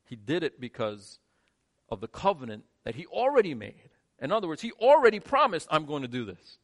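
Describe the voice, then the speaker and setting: A male pastor preaching a sermon, shifting between quiet, low lines and emphatic, rising ones. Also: big pitch swings, brisk.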